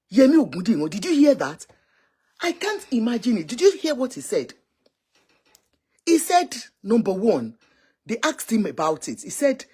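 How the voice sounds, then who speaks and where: A woman's voice: medium pitch, slightly rough. A Nigerian woman giving exclamatory, scolding political commentary on a live stream. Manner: scolding, exclamatory, switching languages.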